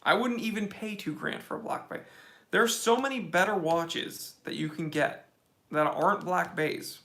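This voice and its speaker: Gravelly, bright-voiced young man answering live chat. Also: high voice, normal speed. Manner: blunt, opinionated, casual slang. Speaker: watch channel host. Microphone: phone.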